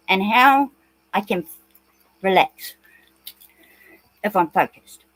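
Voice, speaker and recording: A woman's voice: medium pitch, animated, takes it slowly, long pauses, fairly bright tone, no echo, poor audio. Agitated ranting New Zealand woman. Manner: agitated, swearing, rambling. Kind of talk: ranting monologue.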